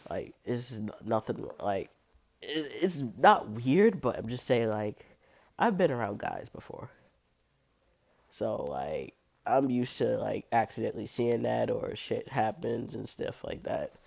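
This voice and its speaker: A young woman with an unusually low voice, telling a blunt, profane story about her cleaning job in a casual vlog. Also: animated, measured pace, vocal fry, a little mellow, slightly rough. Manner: blunt, profane, heavy use of "like", laughs often. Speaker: restroom and locker room cleaner.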